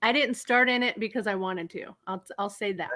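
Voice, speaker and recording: A woman's voice: mid-range voice, moderate pace, sharp tone. A woman in her forties, a guest psychic talking frankly and casually, laughing easily and using blunt slang. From United States. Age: 40s. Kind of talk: casual interview chat.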